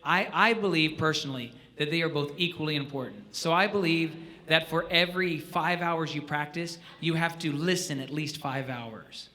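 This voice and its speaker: A man leading a live jazz clinic for students, animated and joking, often asking the audience questions. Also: on the high side, normal speed, hardly any pauses. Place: school auditorium.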